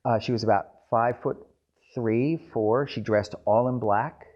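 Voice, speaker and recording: A man telling a family story to a live audience in an animated storytelling style with wry asides. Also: medium pitch, unhurried, muffled recording.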